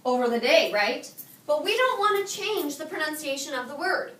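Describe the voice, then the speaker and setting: A high, bright woman's voice leads a high school classroom. She fires questions at her students and echoes back their answers. She is picked up from across an echoey room with a faint hum underneath. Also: expressive, normal speed, recorded from a distance. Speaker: high school Spanish teacher. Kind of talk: classroom teaching.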